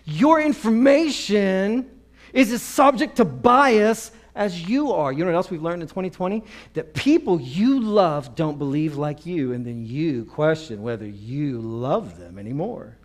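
High-voiced animated male preacher. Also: measured pace. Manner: animated, acts out quoted voices. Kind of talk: storytelling sermon.

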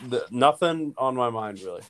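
A man's voice: medium pitch, lively intonation, normal speed, a bit bright, slight background noise. A young man co-hosting a casual podcast, trading stories and dry banter. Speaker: podcast co-host.

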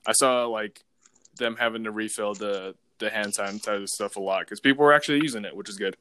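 Clear-voiced man telling a rambling story. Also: lowish voice, fairly quick, bright, forceful tone. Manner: rambling, lots of fillers and swearing. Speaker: podcast host telling stories. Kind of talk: casual chat.

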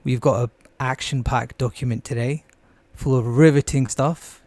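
Jokey mid-pitched podcast host man. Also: steady tone, moderate pace, darkish tone, dry recording. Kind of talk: casual podcast intro and chat.

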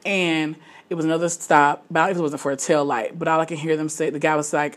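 A woman's voice: deep voice, steady tone, fast. A woman co-hosting a casual chat, frank and opinionated, telling stories with plenty of restarts.

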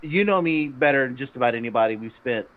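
Gruff teasing man on a tinny line. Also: mid-range voice, lively intonation, quick pace. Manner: gruff, teasing, rambling with restarts. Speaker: podcast co-host. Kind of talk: casual podcast chat. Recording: tinny phone-like sound.

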